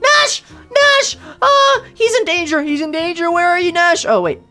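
A woman giving excitable game commentary, gasping and shrieking as she plays. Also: extremely high pitch, normal speed, faint music behind. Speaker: gaming host.

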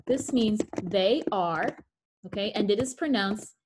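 A woman's voice: medium pitch, measured pace, background noise. A woman teaching French pronunciation on a video call, taking her time over each word. She reads the French examples out with care and drops in light, joking asides between them. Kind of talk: online class teaching pronunciation.

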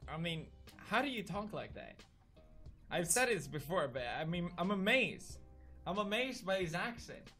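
A man with a Swedish accent hosting a reaction video, joking around and bursting into loud excited yelps. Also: sits high, normal speed, soft background music. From Sweden. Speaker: host.

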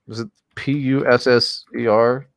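A man's voice: mid-range voice, steady tone, moderate pace, no echo, clean studio sound. An American man co-hosting a podcast, talking in a casual, profane and sarcastic way with lots of fillers. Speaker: podcast co-host. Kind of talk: casual chat.

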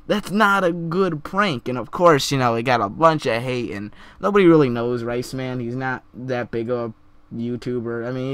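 An earnest young man talks through his opinions in a commentary vlog, stumbling and repeating words as he goes. His voice sits at an ordinary middle pitch and sounds close and dry, with no room around it. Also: fairly bright tone, smooth, no room sound. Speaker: vlogger.

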